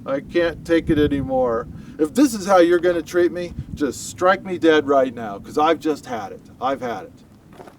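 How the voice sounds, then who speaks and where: A man voicing an exasperated old male leader who pleads loudly and anguished, pitched well above his own voice. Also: animated, measured pace, recorded from a distance, a little hiss or hum, rough recording. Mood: pleading, exasperated.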